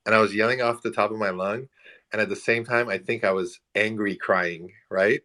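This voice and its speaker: A man with a low voice in his forties tells stories in a casual online audio chat. He is animated and self-mocking, and laughs often. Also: moderate pace.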